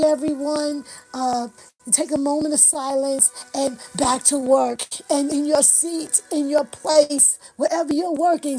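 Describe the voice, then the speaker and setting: A woman's voice: high voice, mellow, low-quality recording. A woman in her fifties giving an impassioned motivational talk on a livestream, speaking in repeated, preacher-like affirmations. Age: 50s. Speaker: livestream host.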